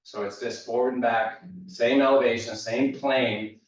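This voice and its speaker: A male fitness instructor leading a guided mobility class with steady, easygoing cues. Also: medium pitch, measured pace. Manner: steady cueing, easygoing asides. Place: large echoey fitness studio. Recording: echoey, distant, dull room sound.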